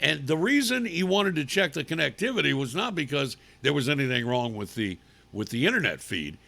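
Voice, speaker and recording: Indignant talk host with a raspy edge. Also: male voice, a little high, big pitch swings, a little fast, bright, forceful tone. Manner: sarcastic, indignant, emphatic. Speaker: radio talk show host. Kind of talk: opinionated talk radio commentary.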